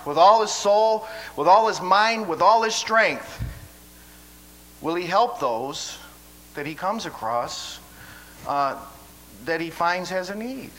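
A man's voice: high voice, animated, slow pace, long pauses, bright, forceful tone, a little hiss or hum, low-quality recording. A man preaching a sermon in a folksy way, often stammering and restarting his phrases.

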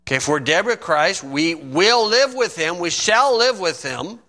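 A middle-aged man preaching a sermon, reading scripture slowly and adding folksy asides. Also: high voice, very animated, pushed and bright. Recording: long reverb in a hall.

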